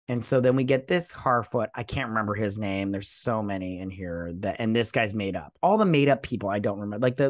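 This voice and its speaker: A man's voice: lowish voice, dry recording, clean studio sound. Crude, rambling male show reviewer. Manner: crude, mocking, loose paraphrase; hesitant, searching for names. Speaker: host of a TV review channel. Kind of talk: casual episode recap and review.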